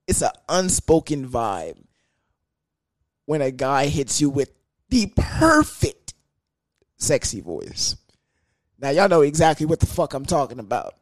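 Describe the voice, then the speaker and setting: A young man hosting a podcast, talking in a crude, animated, comedic monologue that keeps jumping into high sing-song bits. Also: slow pace, pauses often, no room sound. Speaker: podcast host.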